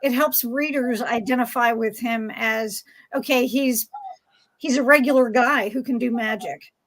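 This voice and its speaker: A woman's voice: fairly high pitch, unhurried, a bit bright, low-quality recording. A woman interviewing an author on a convention panel, agreeable and hedging, with many "you know"s.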